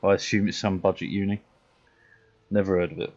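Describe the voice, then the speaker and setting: A man's voice: low-pitched, flat delivery, brisk, darkish tone. A young British man streaming a game, chatting casually in a blunt, sweary way and laughing often. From Britain. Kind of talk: casual chat while gaming. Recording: dull lo-fi mic.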